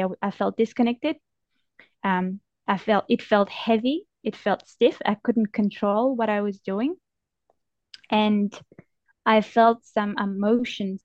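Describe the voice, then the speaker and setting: A young woman speaks as an interview guest, recalling a personal story in a gentle, reflective way and pausing now and then to find her words. Her voice comes through slightly dull and muffled, and the sound is dry, with no room echo. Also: medium pitch.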